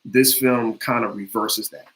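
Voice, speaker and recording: A man's voice: lowish voice, fairly even intonation, unhurried, fairly bright tone, rough recording. Earnest man telling an acting story. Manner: earnest, storytelling, many fillers and restarts. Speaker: actor, interview guest. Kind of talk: conversational interview.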